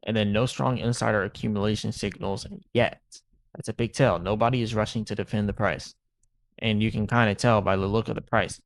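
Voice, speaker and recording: A man's voice: on the low side, steady tone, a little fast, gravelly, no room sound. A man hosting a crypto channel, talking through market moves in a rambling, casual way and often tossing in "right?".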